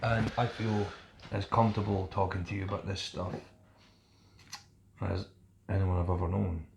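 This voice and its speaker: A man's voice: low-pitched, level tone, normal speed, vocal fry, background noise. A middle-aged man, hosting a casual heart-to-heart podcast chat and swearing freely as he encourages his guest. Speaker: podcast host.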